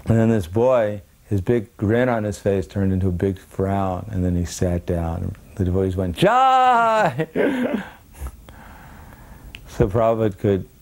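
A man with a lowish voice and a dark, mellow tone recounts a story from memory. He brings the people in it to life by acting out their lines. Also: fairly even intonation, moderate pace, hardly any pauses. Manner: acts out the quoted voices in his story. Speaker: devotee recalling memories. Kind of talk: anecdotal storytelling.

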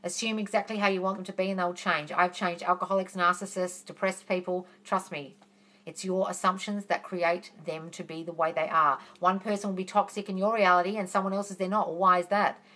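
Woman doing a live q&a, bright voice, chatty and reassuring, calls everyone darling. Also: fairly low pitch, level tone, brisk. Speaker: manifesting coach hosting a live Q&A. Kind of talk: casual live-stream Q&A, reading viewer questions.

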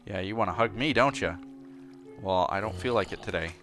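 Guy doing a casual let's play, kinda low voice, playful and chatty, gets excited easy. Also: fairly quick, faint music behind. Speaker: gameplay commentator.

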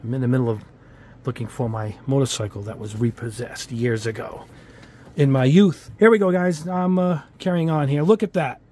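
At his hobby bench, a model-kit YouTuber gives a rambling, casual product review full of fillers and chatty asides. His voice is warm and medium-pitched at normal speed, with a little hiss or hum, and his New England accent has Italian-American touches.

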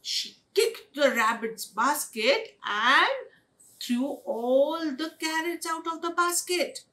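A woman telling a children's story over an online session, expressive and sing-song. Her bright voice swings widely in pitch, and she takes her time with each line. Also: slow pace, far from the mic. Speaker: storyteller at a day care. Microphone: online webinar.

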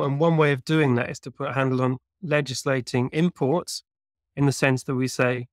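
A man's voice: medium pitch, no echo, clean studio sound. A man being interviewed as a researcher, explaining at length in a thoughtful, conversational way with lots of small hedges. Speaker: guest researcher.

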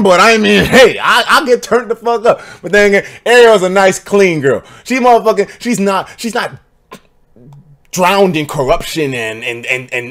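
Male streamer, loose and profane chat with viewers, very expressive pitch. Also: fairly quick. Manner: animated and profane, joking with chat. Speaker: game streamer. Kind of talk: casual live-stream chat.

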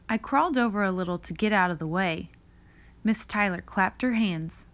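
A woman reading a children's picture book aloud in a slow, expressive read-aloud manner. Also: medium pitch. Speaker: reader.

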